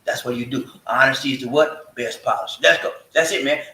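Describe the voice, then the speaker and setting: A man's voice: fairly high pitch, wildly swooping pitch, a little fast, hardly any pauses, sharp tone. A man hosting a live stream, hyping viewers with call-and-response chants and preacher-like fervor. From American South. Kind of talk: hyped live stream chat. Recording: echoey room, mic at a distance.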